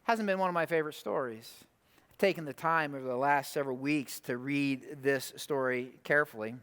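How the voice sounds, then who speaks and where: A man preaching a conversational sermon, animated, often asking the room rhetorical questions. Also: medium pitch, a little fast, clean tone. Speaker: pastor. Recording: long hall reverb.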